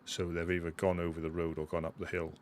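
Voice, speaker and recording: A man chatting casually with fellow players during a game, telling a story in a steady, level way with some fillers. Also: low voice, fast talker, slight background noise. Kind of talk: casual chat while gaming.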